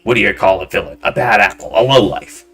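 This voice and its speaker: A man voicing a loud, arrogant male film director who shouts and talks down to people. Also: on the low side, animated, quick pace, soft background music. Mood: brash, condescending. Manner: shouting, condescending, brash.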